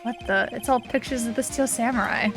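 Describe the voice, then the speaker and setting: A woman's voice: a little high, brisk, fairly bright tone, soft background music. A woman voicing a wry young male defense lawyer who mutters dry asides in her own voice.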